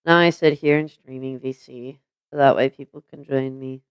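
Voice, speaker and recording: A woman's voice: a bass voice, steady tone, moderate pace, clear, resonant tone, no room sound. A woman streaming live and chatting casually with friends in voice chat, rambling with lots of fillers and restarts.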